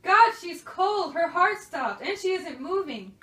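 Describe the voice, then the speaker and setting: A woman's voice: very high voice, very animated, a little slow, a bit bright, exaggerated voice. Teen girl playing a grieving father. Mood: mournful. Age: teens. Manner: mournful, declaiming. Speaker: student actor. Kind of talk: amateur school play. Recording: echoey room, from far off.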